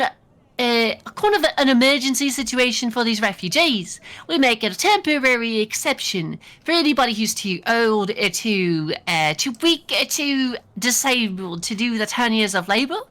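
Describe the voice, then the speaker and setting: A high, swooping voice for a foul-mouthed adventurer who takes offense fast, as a woman puts the character on. The talk is rough and quick, with the pitch jumping all over the place. It fits a tabletop game played for fun. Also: expressive, fairly bright tone. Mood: persuasive. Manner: swears hotly, fast-talking.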